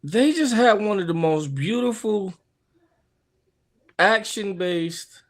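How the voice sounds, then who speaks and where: A man's voice: high voice, expressive, slow pace. A man co-hosting a casual anime podcast, chiming in with wry remarks. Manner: wry, laughs at himself. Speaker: podcast co-host.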